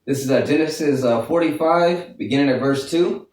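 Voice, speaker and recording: A man's voice: mid-range voice, moderate pace, darkish tone. Man reading scripture in a roomy space. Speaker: scripture reader.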